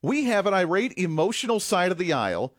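Guy hosting a political talk show, kinda high voice, dry sound, sarcastic. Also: sing-song, a little fast, no echo. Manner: sarcastic, chuckling asides. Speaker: host. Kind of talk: opinionated political commentary.

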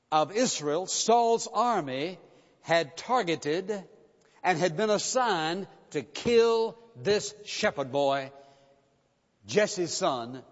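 A man preaching a sermon, reading scripture aloud and pressing his listeners with questions. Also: high-pitched. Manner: expository preaching, reads scripture then challenges hearers. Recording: dull sound with long reverb of a hall.

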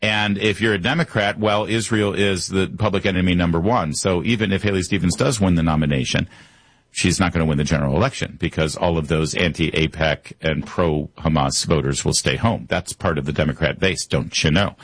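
Husky-voiced opinionated male talk host. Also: deep voice, steady tone, brisk. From Michigan. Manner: opinionated, conversational, frequent fillers. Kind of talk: political commentary.

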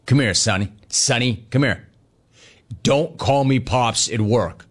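A man's voice: mid-range voice, slow pace, husky. Stern father figure, scolding, as a guy quotes his dad. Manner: firm, scolding. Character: stern older father, a strict businessman boss.

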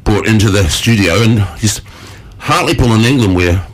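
A man's voice: lowish voice, expressive, moderate pace. A man, hosting a casual radio chat, chatty and joking, laughing often. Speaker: radio host.

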